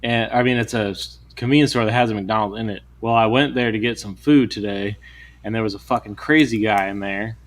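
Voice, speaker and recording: A man tells a long story on a casual podcast, swearing freely. He acts out the other people in the story, jumping to sharp, loud voices for their lines. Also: fairly low pitch, a little fast. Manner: animated, swears a lot, acts out voices when retelling. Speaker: podcast co-host.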